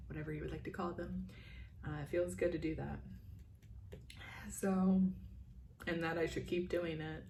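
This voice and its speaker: A young woman vlogger in a casual chat, guiding a meditation in a soft, rambling, slightly nervous way with many fillers. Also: fairly low pitch, a little hiss or hum. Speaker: vlogger leading meditation and oracle card chat.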